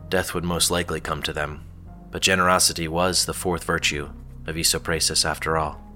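A man narrating a fantasy story in a measured, steady storytelling manner. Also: a bass voice, soft background music.

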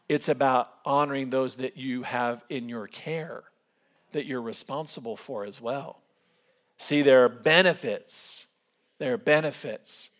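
A man's voice: mid-range voice, measured pace. A middle-aged man preaching a sermon, telling a personal story and acting out the voices of the people in it. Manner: storytelling, animated, acts out voices in quotes. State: a little emotional. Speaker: pastor.

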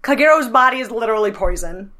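A woman's voice: a little high, lively intonation, quick pace, pushed and bright. A woman co-hosting a podcast, casually recapping a film with wry, joking asides. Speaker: podcast co-host.

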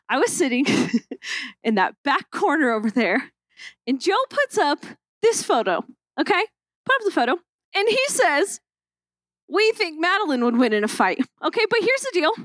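A woman's voice: high-pitched, big pitch swings, normal speed, long pauses, a bit bright, no room sound. A young woman pastor opening a sermon with playful, self-mocking stories from a church stage.

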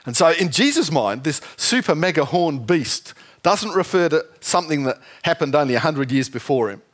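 A man preaching a sermon, lively and jokey, often asking the congregation questions. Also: on the high side, normal speed. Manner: lively, asks the audience questions, jokey asides.

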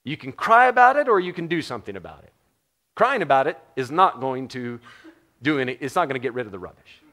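A man's voice: medium pitch, big pitch swings, fast, a bit bright. A middle-aged man from the United States preaching a sermon in a conversational, joking way, often putting questions to the congregation. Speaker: pastor.

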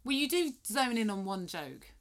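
A woman's voice: on the high side, big pitch swings, moderate pace. A woman co-hosting a podcast in casual chat, teasing and sarcastic, often laughing. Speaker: podcast co-host.

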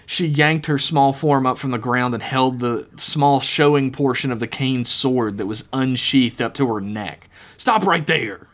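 A man's voice: medium pitch, fairly even intonation, a little slow, hardly any pauses. A man co-hosting a podcast, reading his own horror story aloud dramatically and laughing at his own jokes. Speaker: podcast co-host.

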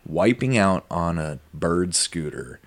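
A man's voice: sits low, animated, slow. A man hosting a podcast, telling a long story in a rambling, casual way full of fillers and asides. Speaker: podcast host. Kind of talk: casual conversation.

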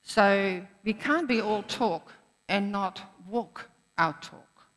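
A woman's voice: mid-range voice, takes it slowly, a bit bright. A woman preacher giving a sermon in an earnest manner, repeating phrases for emphasis. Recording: echoey hall.

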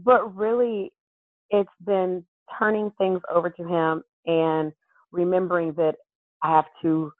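A woman guest on a podcast, candidly telling a personal story in an earnest, animated way that often breaks into laughter. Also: on the low side, measured pace, dry recording. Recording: thin phone-like call audio.

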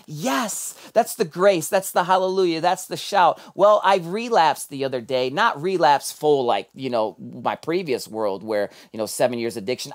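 Animated male pastor preaching. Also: on the high side. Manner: animated storytelling, swings from hushed to loud. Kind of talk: sermon.

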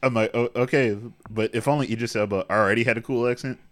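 A man's voice: mid-range voice, steady tone, racing, a bit bright, no echo. A man co-hosting a casual movie review chat, making dry sarcastic jokes. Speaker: podcast co-host.

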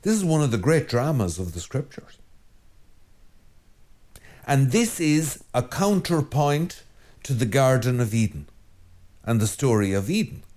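An Irish priest giving a Sunday homily in a conversational, digressive way, repeating phrases for emphasis. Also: male voice, mid-range voice, big pitch swings, measured pace, pauses often, darkish tone.

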